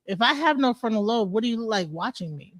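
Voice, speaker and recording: A woman's voice: a little high, expressive, fast, no room sound, clean studio sound. A woman on an online panel call who talks bluntly and mocks the others, with frequent swearing. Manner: mocking, blunt, profane. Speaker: panel participant. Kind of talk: heated online panel debate.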